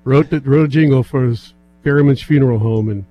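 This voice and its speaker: A man's voice: medium pitch, brisk, dry recording, highs cut off, faint music behind. A man co-hosting a radio show, bantering playfully. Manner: playful, laughing.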